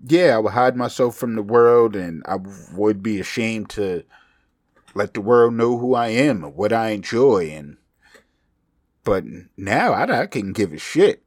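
A man's voice: mid-range voice, expressive, measured pace, dry recording, clean studio sound. A young man hosting his own podcast, talking loosely and profanely in a rambling, self-mocking way, with a slight speech impediment. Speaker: podcast host. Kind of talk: casual solo podcast monologue.

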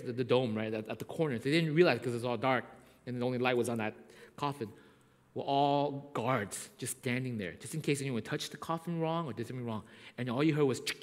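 A male pastor preaching a sermon, telling a story with frequent asides of "right?" and swinging between loud and hushed delivery. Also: medium pitch, long reverb tail.

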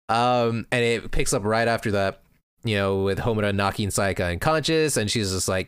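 A man's voice: mid-range voice, animated, brisk, fairly bright tone, clean tone, no echo, clean studio sound. A man chatting casually and recapping an anime show as a podcast host, laughing often.

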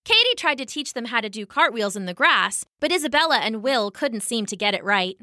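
Expressive woman reading a children's story. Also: on the high side, fairly quick, dry recording, studio quality. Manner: warm, expressive read-aloud.

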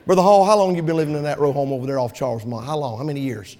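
High-voiced fervent preacher. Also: male voice, rapid-fire. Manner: fervent preaching, swings from loud to soft. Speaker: pastor. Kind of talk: sermon. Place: church sanctuary. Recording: long church reverb.

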